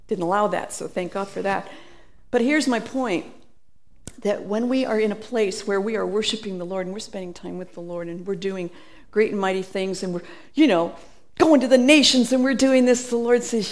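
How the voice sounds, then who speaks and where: A middle-aged woman preaching a sermon, telling stories in an animated way and laughing between phrases. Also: medium pitch, moderate pace.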